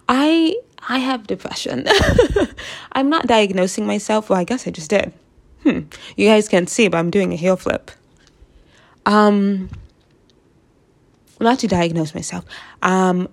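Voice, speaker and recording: A woman's voice: fairly low pitch, vocal fry. A woman from the United States talking casually to camera, rambling through her thoughts with frequent laughs and asides. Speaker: vlogger.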